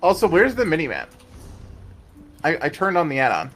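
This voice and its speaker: A man's voice: fairly high pitch, huge pitch swings, normal speed, fairly bright tone, slightly rough. A man live-streaming a game, chatting casually with his viewers and reacting to what happens.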